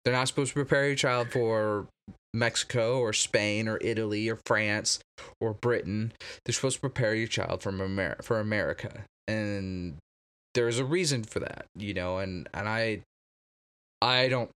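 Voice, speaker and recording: A man in a casual two-person chat, talking haltingly with many restarts. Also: fairly low pitch, fairly bright tone, clean tone.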